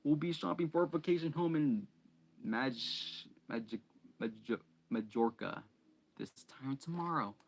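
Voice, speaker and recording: A man's voice: medium pitch, unhurried, pitched above the performer's own voice, low-quality recording. A man voicing a blustering, nasty middle-aged uncle in a stern, clipped commanding tone. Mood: bossy.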